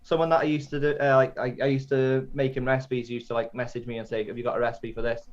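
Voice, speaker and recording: A man's voice: medium pitch, level tone, fast talker. A man chatting casually about mixing vape juice, rambling and restarting his sentences. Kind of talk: casual chat. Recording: dull lo-fi audio.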